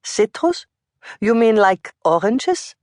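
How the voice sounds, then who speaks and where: An elderly German grandmother speaks in a German accent, pitched high above the reader's own tone, as a narrator puts her on. She is calm and hard to rile, but firm, in a storybook reading. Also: slow, no room sound, studio quality. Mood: surprised. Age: older.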